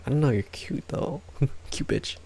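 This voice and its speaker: Male streamer, worn-out husky voice, breathy rambling chat, close mic. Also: medium pitch, unhurried, dark tone. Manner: breathy, laughs often, rambling with restarts. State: hoarse, worn-out voice. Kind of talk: casual live-stream chat to viewers. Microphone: close ASMR microphone.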